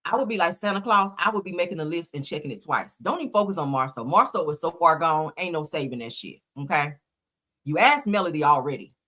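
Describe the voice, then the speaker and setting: A woman's voice: sits low, expressive, fast, pushed and bright. A woman hosting a live show, giving blunt, profane commentary on reality TV and reading viewers' comments aloud. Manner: blunt, profane, emphatic, often laughing. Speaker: host.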